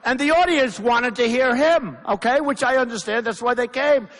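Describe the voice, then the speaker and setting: A man's voice: very high-pitched, moderate pace, fairly bright tone. A man giving a campaign rally speech, rambling and repetitive, with emphatic asides to the crowd. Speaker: political candidate. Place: large rally venue. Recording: long reverb of a big hall.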